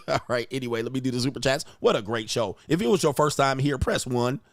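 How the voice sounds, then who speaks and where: There's background noise behind this man's medium-pitched, slightly quick voice. He's a livestream host on a crude, rambling, casual rant, forever saying "all right" between points.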